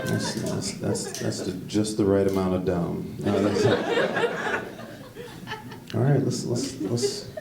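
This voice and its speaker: A man working a stand-up comedy set with a lowish, gravelly voice, rambling, correcting himself, and jumping into sudden high-pitched bursts. He is recorded from a distance in an echoey club, with the room's noise and audience laughter underneath. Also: wildly swooping pitch, takes it slowly, long pauses. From United States.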